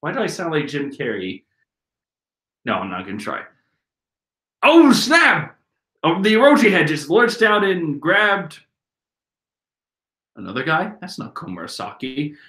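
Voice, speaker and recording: A man giving comedic, profane commentary as he reads a manga chapter, swinging from mumbles to shouts. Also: fairly high pitch, very animated, normal speed, long pauses. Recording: roomy echo.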